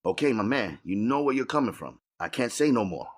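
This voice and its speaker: A man reading an audiobook voicing a doubtful male drug dealer who talks in a quiet, resigned way. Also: mid-range voice, big pitch swings, fairly quick, voice pushed up. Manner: quiet, resigned street talk. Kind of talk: audiobook character voice.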